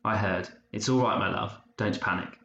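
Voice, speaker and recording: A firm mother taking charge, as a male narrator reads her, sharp and commanding in a low, steady voice. The sound is muffled and roomy with faint hiss. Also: normal speed, gravelly.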